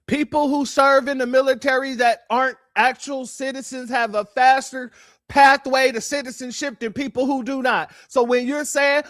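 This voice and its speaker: A man's voice: very high-pitched, fairly even intonation, normal speed, a bit bright, no echo, studio quality. A man hosting reaction commentary, talking bluntly and sardonically to his viewers. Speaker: commentary host.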